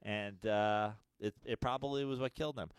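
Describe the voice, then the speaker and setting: A man in his late 30s co-hosts a podcast, chatting casually and candidly, rambling and swearing a lot. His voice is fairly low with a clean tone, at a moderate pace, with no echo.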